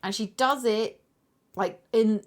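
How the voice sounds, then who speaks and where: A woman's voice: a little high, slow pace, slight background noise. A woman streaming a detective board game, chatting casually, thinking aloud and thanking viewers as she plays. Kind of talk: casual chat while playing a board game.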